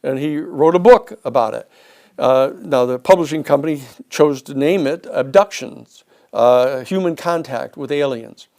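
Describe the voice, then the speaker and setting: A man giving a storytelling lecture, an animated speaker who acts out the people he quotes. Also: a little high, a little slow.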